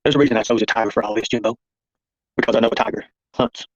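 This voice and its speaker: A man's voice: fairly low pitch, rapid-fire, dry recording, highs cut off. A man hosting a rambling livestream, confrontational and calling out viewers by name. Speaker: livestream host.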